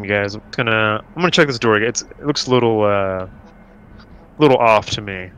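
A man's voice: lowish voice, moderate pace, fairly bright tone, smooth. A man playing a tabletop role-playing game, rambling and repeating himself as he decides what his character does. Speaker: player. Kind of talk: casual tabletop play.

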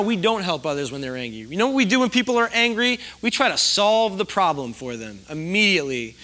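A middle-aged man gives a sermon in a relaxed, chatty way. His voice is bright and sits a little high for a man. He pokes fun at himself and keeps asking the congregation questions. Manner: conversational, self-deprecating, asks the audience questions. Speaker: pastor.

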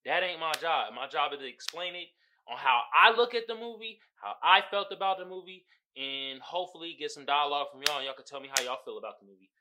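A man hosting a podcast, talking in a casual, slangy and profane way, animated and quick to laugh. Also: fairly high pitch, background noise. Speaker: podcast host.

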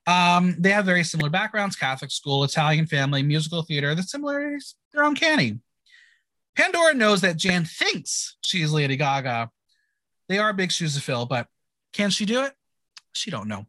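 A man with a high, bouncy voice that swings up and down as he hosts a relaxed recap chat. He sounds bright and forward, playful and theatrical. His voice is recorded close and dry, with no room sound. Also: normal speed, dry recording. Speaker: podcast host.

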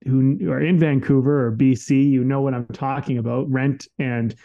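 A man's voice: mid-range voice, steady tone, moderate pace, creaky, narrow, tinny audio. A man co-hosting a podcast in casual conversation, talking candidly and emphatically and swearing freely. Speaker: podcast co-host.

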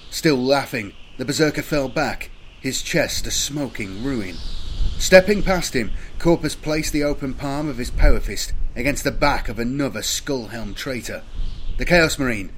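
A man giving steady, measured scripted narration of an audiobook. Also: medium pitch, slight background noise.

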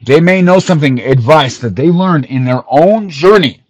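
A man hosting a podcast, ranting in an angry callout with lots of swearing, missing some teeth, swinging from loud outbursts to low muttering. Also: lively intonation, normal speed, dry recording, poor audio. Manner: profane, heated, swings from shouting to low muttering. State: missing teeth, awaiting dental work. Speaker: podcast host.

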